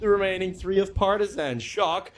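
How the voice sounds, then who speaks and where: A man doing lively, joking play-by-play commentary on an esports match. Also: high-pitched, moderate pace, a little hiss or hum. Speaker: esports caster.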